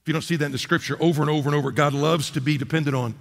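A man preaching a sermon as a pastor, impassioned and swinging from loud to hushed. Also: fairly high pitch, fairly even intonation, racing, vocal fry, long reverb tail.

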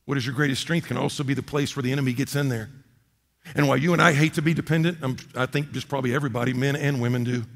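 A man preaching a sermon as a pastor from the United States, emphatic, repeating key phrases and swinging between loud and quiet. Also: medium pitch, fairly even intonation, racing, vocal fry. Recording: long hall reverb.

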